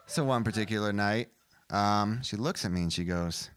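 A man doing a stand-up comedy set, animated and profane, with punchlines that rise to shouts. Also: on the low side, moderate pace. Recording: noisy live club recording.

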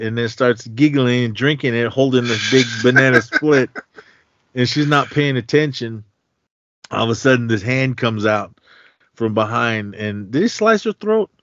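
A man's voice: medium pitch, dry recording. Man, podcast host, casual movie recap, rambling, lots of fillers, dry dull sound. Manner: rambling, filler-heavy storytelling.

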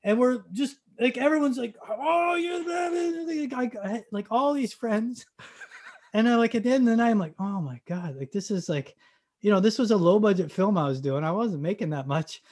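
A man from Canada telling a story in casual chat, acting out the dialogue and bursting into loud excited shouts. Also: high-pitched, a little fast.

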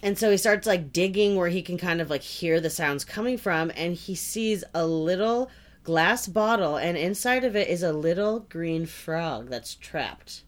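A woman's voice: on the low side, expressive, a little slow. A woman co-hosting a podcast, retelling a fairy tale in casual chat, mixing read-out text with her own words, swearing and laughing. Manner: swearing, laughing, mixes reading aloud with paraphrase. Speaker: podcast co-host.

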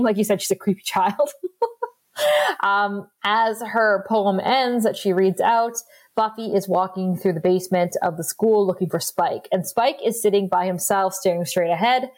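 A woman's voice: medium pitch, normal speed. Chatty woman podcast co-host. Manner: laughs often, retells scenes with quoted lines. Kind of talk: casual recap chat.

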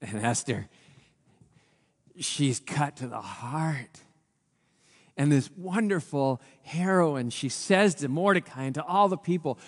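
A man preaching a storytelling sermon, his fairly high voice swinging widely as he acts out each character's lines. His pitch leaps and drops with the drama of the story. A long reverb trails every phrase, as in a church hall. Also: animated, takes it slowly, long pauses, slightly rough. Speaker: pastor.

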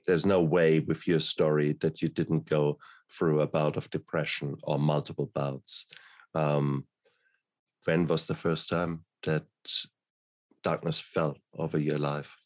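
Podcast host guy, really deep voice, asks soft digging questions. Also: no echo. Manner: gentle, probing questions. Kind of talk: interview.

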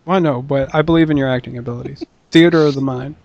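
A man hosting a podcast, chatting excitedly, laughing and swearing. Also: medium pitch, fast talker, no echo, lo-fi sound. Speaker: podcast host. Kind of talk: casual podcast banter.

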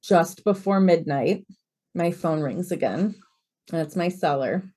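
Lively storytelling woman in her forties. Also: on the low side, a little slow. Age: 40s. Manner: lively storyteller who acts out quoted dialogue. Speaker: real estate broker, podcast guest. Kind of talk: conversational interview storytelling.

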